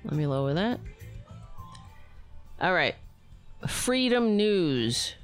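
A woman's voice: lowish voice, very animated, takes it slowly, clear, resonant tone, soft background music. A woman streamer reacting to a video with sarcastic, profane commentary.

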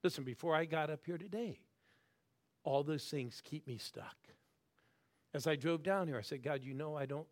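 Animated man in his sixties preaching. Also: fairly high pitch, moderate pace, long pauses. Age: 60s. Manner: animated, swings from loud exhortation to soft near-whispers, calls on the crowd. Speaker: guest preacher. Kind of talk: sermon.

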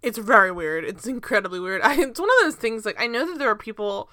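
A woman's voice: fairly high pitch, quick pace, no echo, clean studio sound. A young woman co-hosting a podcast, chatting casually and animatedly about a sitcom, often laughing and going off on tangents. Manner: animated, laughing, rambling with digressions. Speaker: podcast co-host. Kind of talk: casual chat recapping a sitcom.

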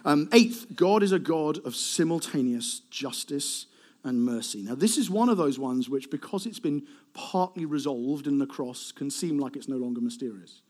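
Guy preaching to a crowd, kinda high voice, chatty and animated, makes asides to the room. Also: moderate pace. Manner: animated, conversational, with asides to the congregation. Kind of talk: sermon. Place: warm hall with a live congregation.

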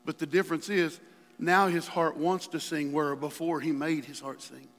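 A male pastor preaching a sermon with passion, dropping to a hush and then rising to near shouts. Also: on the high side, fairly even intonation, moderate pace. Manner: impassioned preaching, swings from hushed to shouting. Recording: long hall reverb.

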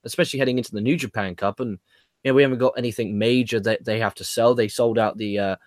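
A man's voice: medium pitch, steady tone, fast talker, dry recording, clean studio sound. A man hosting a casual wrestling chat, who swears freely and laughs at his own jokes. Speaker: podcast host.

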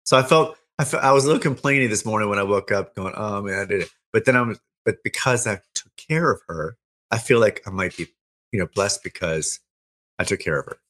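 A man's voice: on the low side, animated, a little fast, a bit bright. A man co-hosting a casual Christian end-times chat, rambling and restarting his sentences. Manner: rambling, with many restarts and fillers.

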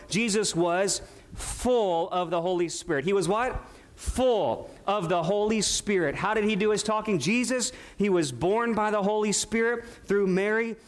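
High-voiced man preaching emphatically. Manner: emphatic preaching with rhetorical questions to the congregation. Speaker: pastor. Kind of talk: sermon.

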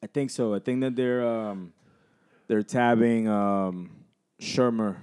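A man's voice: lowish voice, fairly even intonation, slow pace, darkish tone, clear, resonant tone. A man co-hosting a podcast, rambling casually with lots of "like" and "you know" and loose swearing. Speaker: podcast co-host. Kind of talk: casual chat.

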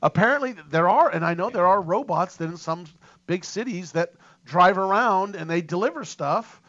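A man hosting a talk radio show, rambling and excitable with many fillers. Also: high voice, normal speed, lo-fi sound.

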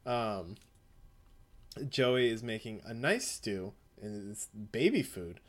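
A man's voice: on the low side, lively intonation, slow. A man co-hosting a podcast, casually recapping a comic, joking and acting out lines. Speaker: podcast co-host.

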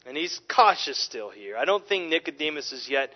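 Animated preacher man, lo-fi recording. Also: on the high side, moderate pace. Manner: animated, repeats words as he restarts. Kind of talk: expository sermon. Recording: lo-fi dull recording.

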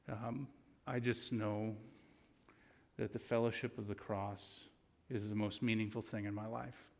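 A man's voice: on the low side, gravelly, in a large hall. A man giving an earnest, conversational sermon with stories, ending in prayer. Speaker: guest preacher.

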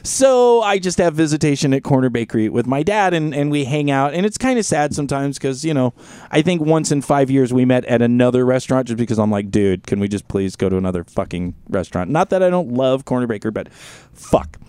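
A man hosting a casual podcast chat, telling a story in an animated, profane way. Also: medium pitch, fairly quick, clean tone, no echo. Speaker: podcast host.

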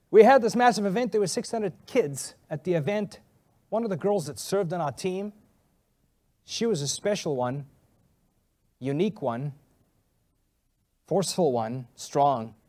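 A male pastor telling a funny story in a sermon, animated and laughing often. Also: on the high side.

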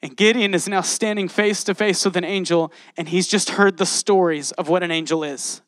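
Man, casual animated sermon, slightly high pitch, dry recording. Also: normal speed, no room sound. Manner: animated, chatty, exclaims often. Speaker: preacher. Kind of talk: sermon with Bible reading.

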